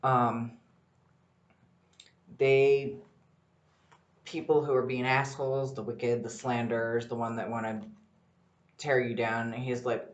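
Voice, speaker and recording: A man hosting a casual solo podcast, rambling and excitable, swearing freely as he talks. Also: medium pitch, slow pace, pauses often, highs cut off. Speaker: podcast host. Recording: echoey room.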